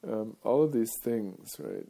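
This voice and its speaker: A man's voice: fairly low pitch, huge pitch swings, measured pace, vocal fry, warm tone. A male radio host talking in a casual, rambling monologue, wandering off topic and chuckling often.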